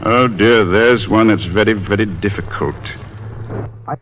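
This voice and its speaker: A man singing a rapid comic patter song on radio, fumbling the lyrics for laughs, with an orchestra behind him. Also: on the low side, fairly bright tone, slight background noise, rough recording. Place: radio studio. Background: orchestra accompaniment.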